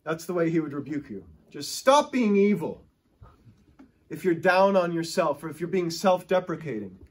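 A man's voice: on the high side, lively intonation, brisk, slightly rough. A male pastor preaching a sermon, telling stories with emphatic, rising and falling delivery.

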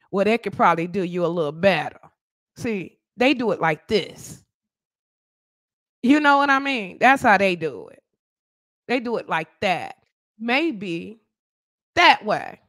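A woman hosting a casual livestream podcast, greeting viewers by name and trash-talking with blunt slang. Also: mid-range voice. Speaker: podcast host.

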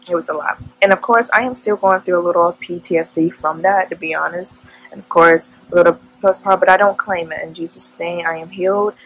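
A woman's voice: on the low side, vocal fry, fairly bright tone, a little hiss or hum, low-quality recording. A young woman vlogging at home, telling an emotional, faith-filled story in casual chat.

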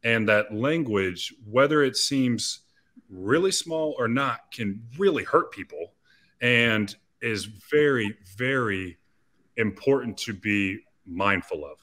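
A man's voice: mid-range voice, expressive, slow pace, pushed and bright. A man in his thirties, an athlete and interview guest, telling a personal story in an earnest, confessional way with frequent restarts.

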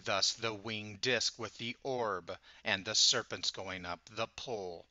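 Slow, bright-toned man lecturing. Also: lowish voice, no room sound. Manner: measured, lecturing. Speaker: channel host. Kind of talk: explanatory monologue on word origins. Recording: dull lo-fi recording.

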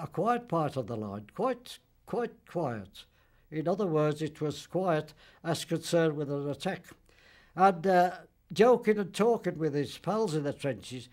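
Casting: very old man, veteran interviewee, halting and fairly high-voiced. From Birmingham, England. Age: older, about 90s. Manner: halting, repeats words, old-fashioned dialect grammar. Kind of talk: spoken recollection in interview.

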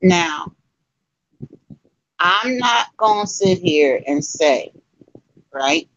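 A live-stream host talks straight to the viewers in a chatty, emphatic way, at a middle pitch. The sound is dull and lo-fi. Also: big pitch swings, drawn-out words, vocal fry, fairly bright tone. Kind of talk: casual commentary to a live audience.

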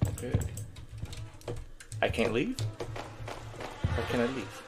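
A young man playing a horror game demo and talking through it, jittery and swearing, yelling when startled. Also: mid-range voice, sing-song, takes it slowly, loud music behind the voice. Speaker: gaming YouTuber. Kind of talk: horror game let's play commentary.

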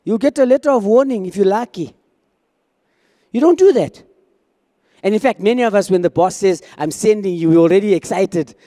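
A man's voice: high voice, fairly quick, pauses often, mellow, in a large hall. A man preaching a sermon as pastor, talking conversationally and acting out quoted dialogue.

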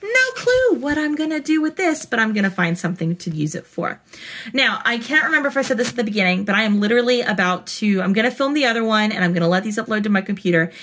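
A woman's voice: a little high, very animated, fast talker, fairly bright tone. A woman hosting her own channel, chatting casually and rambling as she unboxes stickers at her home desk, gushing over the cute ones. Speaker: planner vlogger and host. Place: home desk in front of a computer.

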